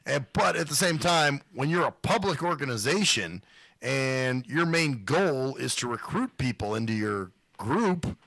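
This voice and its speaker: A man's voice: mid-range voice, expressive, a little slow, vocal fry, fairly bright tone, no room sound. A middle-aged man hosting a radio show, talking in loose, profane, joking banter into a studio mic. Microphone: studio microphone.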